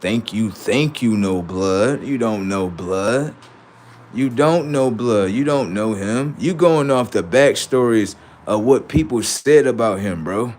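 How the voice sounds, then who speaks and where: A man's voice: lowish voice, slow pace, a little mellow. A man hosting a livestream, talking in heated banter with a mocking, argumentative, slang-heavy manner and heavy swearing. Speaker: livestream host.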